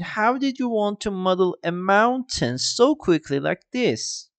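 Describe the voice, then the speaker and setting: A man walking through a 3D software tutorial, with a casual "I mean" and "let's just" as he goes. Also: high voice, no room sound. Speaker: 3D tutorial creator. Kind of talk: screen-recorded software tutorial.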